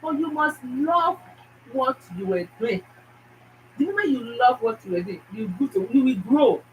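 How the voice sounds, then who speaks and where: A woman's voice: high-pitched, lively intonation, moderate pace, highs cut off. Earnest woman giving advice. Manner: earnest, repeats key points. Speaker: food YouTuber. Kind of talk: casual advice talk. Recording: distant mic with faint noise.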